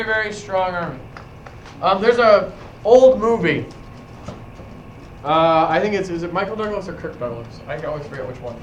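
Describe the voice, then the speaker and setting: This history teacher tells a story during a classroom lecture, repeatedly starting over mid-thought. His high voice reaches a far camera in an echoey room, with a bit of hiss or hum on the recording.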